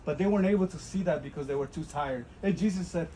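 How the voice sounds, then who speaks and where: High-voiced man preaching earnestly outdoors. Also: fast talker, warm tone, a little hiss or hum, poor audio. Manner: earnest, rising to fervent emphasis. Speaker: pastor. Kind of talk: sermon. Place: outdoors at a holy site.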